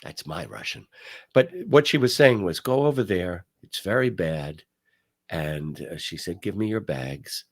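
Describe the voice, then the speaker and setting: An older man hosts a talk show with a low voice that swoops up and down as he speaks. His delivery is emphatic and animated, like a storyteller leaning into every point. He sounds casual and conversational. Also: unhurried. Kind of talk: casual commentary.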